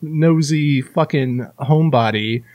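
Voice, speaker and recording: A man co-hosting a podcast, telling an annoyed story in casual, profane chat. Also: takes it slowly. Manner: animated, profane, rants with rising pitch. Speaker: podcast co-host.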